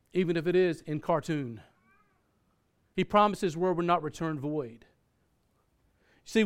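A man preaching a sermon in a conversational way, often restarting his sentences and using fillers. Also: a little high. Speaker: pastor.

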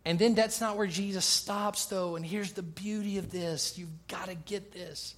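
A pastor preaching a sermon, emphatic, swinging between quiet asides and loud, passionate stretches. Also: male voice, high-pitched, fairly even intonation, a little slow.

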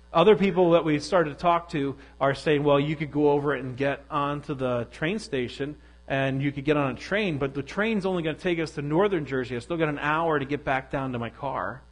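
A man's voice: a little high, poor audio. A middle-aged man giving a sermon, telling a personal story in a candid, self-deprecating way. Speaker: pastor.

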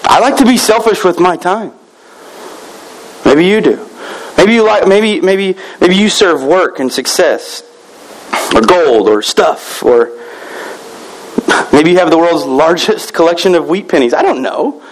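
High-voiced joking male pastor. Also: animated, measured pace, pauses often, poor audio. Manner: conversational, joking preacher who acts out quotes. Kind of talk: sermon.

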